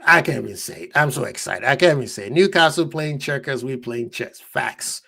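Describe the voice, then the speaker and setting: A man hosting a football fan live stream, talking casually and excitedly to his chat, laughing often. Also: medium pitch, a little fast, gravelly, husky.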